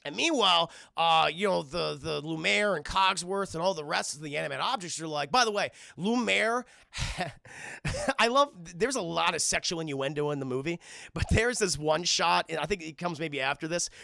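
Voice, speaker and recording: Brief: male streamer, very gravelly and bright, animated swearing film recap, dry close sound. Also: a little high, moderate pace, dry recording. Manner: animated, profane, laughs often. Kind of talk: casual profane film recap.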